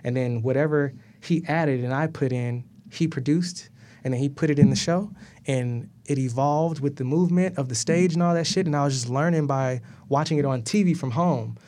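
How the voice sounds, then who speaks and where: A man in his thirties, a guest, telling a long story in a casual and animated way, laughing often, swearing, and acting out what others said. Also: medium pitch, moderate pace. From Atlanta, US.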